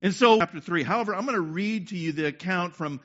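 A man's voice: high-pitched, quick pace, fairly bright tone. A man preaching a sermon, leading the congregation through a group exercise and checking in with them often. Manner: leads the crowd with repeated "okay?" checks. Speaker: pastor. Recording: dull lo-fi sound.

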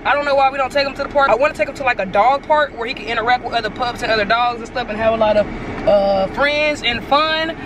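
A woman vlogging in casual chat from a car, lively and talking up to her dog. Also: fast. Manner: lively, talks to the dog in a high voice. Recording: noisy car interior.

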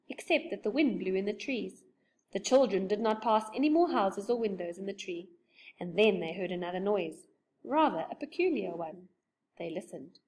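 A woman's voice: mid-range voice, darkish tone. Woman reading a children's story aloud. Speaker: narrator.

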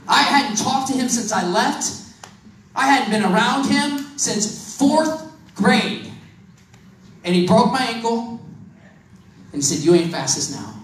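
A high-voiced young man from Missouri tells a sermon story in a loose, self-mocking, joking way. He sounds distant from the mic, with a big echo around him and faint room noise. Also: a bit bright. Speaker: preacher. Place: church hall. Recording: echoey hall from far off.

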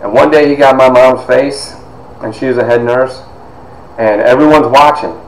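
Animated storytelling man in an echoey room. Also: mid-range voice, normal speed. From Toledo, Ohio. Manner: animated, conversational, with frequent asides. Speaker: author and speaker. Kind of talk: personal storytelling talk. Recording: echoey room with faint noise.

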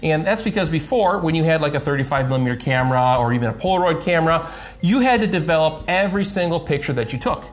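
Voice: mid-range voice, lively intonation, fast. A podcast host talking casually, with many fillers and leading questions to set up the topic.

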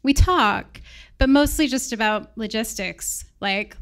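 A woman from England with an American accent, reading a personal story aloud on stage in a reflective, measured way. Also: fairly high pitch, a bit bright.

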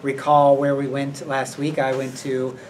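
A man from the school staff chats his way through character awards, wandering and filling pauses as he goes. He sits back from the microphone, and a faint hiss runs under his voice. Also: medium pitch, monotone, darkish tone. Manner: rambling and hesitant, many fillers. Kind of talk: casual unscripted school announcement. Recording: distant mic with faint noise.

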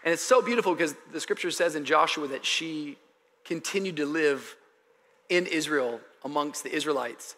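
A high, bright man's voice preaches live in a big church hall, with a long echo and a faint crowd behind him. He tells stories loosely and casually, with slang, then climbs into loud, shouted calls to the congregation. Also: moderate pace, slight background noise. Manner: animated preaching, rising to shouts. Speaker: pastor. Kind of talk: sermon. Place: large church auditorium with congregation.

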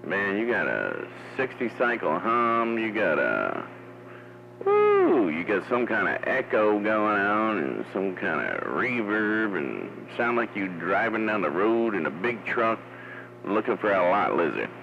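Deep-voiced, easygoing CB radio man. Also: wildly swooping pitch, a little slow, vocal fry. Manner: laid-back, drawling, says "man" often. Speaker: CB radio operator. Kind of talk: casual radio chat. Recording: muffled radio audio with static.

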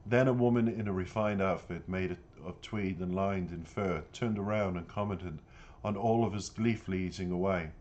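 A man reads aloud from his own novel in a steady first-person narration. His voice is low and deep, unhurried and even. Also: dull audio, slight background noise. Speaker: author and narrator.

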